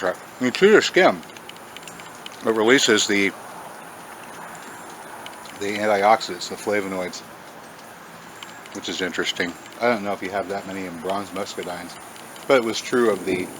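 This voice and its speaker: A man hosting a casual outdoor farm vlog, chatty, often breaking into a high sing-song voice to talk to animals. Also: moderate pace, long pauses, noisy background. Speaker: farm channel host.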